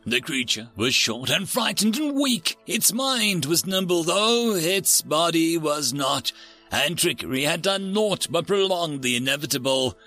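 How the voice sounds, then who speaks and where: Slow, expressive male storyteller. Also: fairly high pitch, faint music behind. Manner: theatrical, expressive. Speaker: story narrator. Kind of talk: scripted narration.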